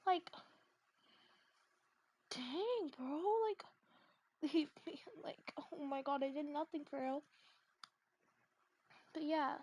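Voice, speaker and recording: Very high-voiced woman ranting. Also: takes it slowly, long pauses. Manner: animated, exasperated ranting with constant "like" fillers. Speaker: vlogger. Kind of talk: casual ranting vlog.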